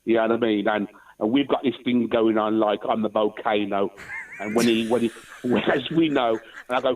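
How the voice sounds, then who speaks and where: A man's voice: lowish voice, moderate pace. A man calling in to a radio show, chatting cheekily and rambling, swearing now and then. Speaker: caller. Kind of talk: casual phone-in chat. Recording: muffled distant phone line.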